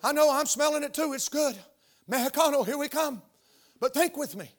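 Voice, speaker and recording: An older male pastor preaching to his congregation in church. He speaks in a fairly high voice and keeps throwing questions out to the room, stressing his points. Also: a little fast. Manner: emphatic, call-and-response questions to the congregation. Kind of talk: sermon. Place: church sanctuary.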